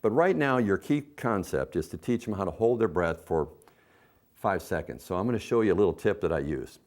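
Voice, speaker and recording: A man's voice: low voice, lively intonation, a little fast, a little mellow. A middle-aged man, a swim instructor, giving folksy coaching tips in an instructional video. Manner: folksy, coaching, acts out a parent's sing-song counting.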